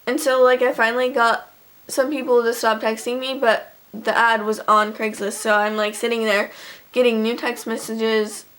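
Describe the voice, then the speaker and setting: A teenage girl with a fairly high voice rambles through a casual storytime vlog. She fills nearly every phrase with "like" and swears without a second thought. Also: little pitch movement, moderate pace, fairly bright tone. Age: teens. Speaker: vlogger.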